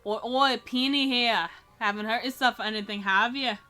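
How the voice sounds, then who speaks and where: A woman doing a loud, boisterous game tough guy. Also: a little high, fairly quick, faint music behind. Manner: wobbly, shifting put-on accent. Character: gruff boisterous male game character. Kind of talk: live-stream voice play.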